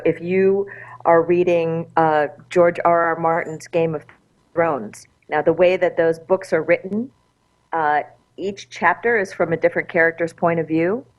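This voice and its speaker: A woman guest on a podcast, calmly explaining her app in a measured way over a remote connection. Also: low-pitched, highs cut off. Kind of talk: explaining in an interview.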